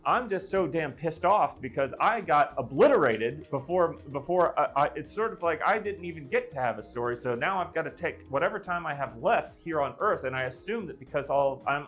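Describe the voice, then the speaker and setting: A man's voice: a little high, animated, normal speed, a bit bright, faint music behind. A man improvising a gruesome comic story on a live stream, rambling with many fillers and restarts.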